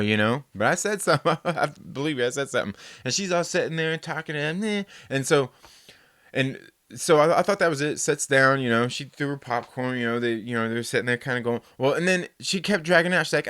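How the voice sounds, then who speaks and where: Telling a story in casual conversation, a host with a slightly bright, mid-pitched voice rambles and restarts, swearing freely and doing quick impressions of the people he quotes. There's no room sound; the audio is clean studio quality.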